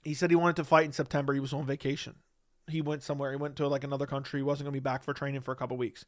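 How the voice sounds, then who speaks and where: Blunt streamer man, crisp dry voice. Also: medium pitch, flat delivery, rapid-fire, dry recording. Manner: blunt, dismissive, argues back at chat. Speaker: livestream host reading chat. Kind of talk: casual livestream chat.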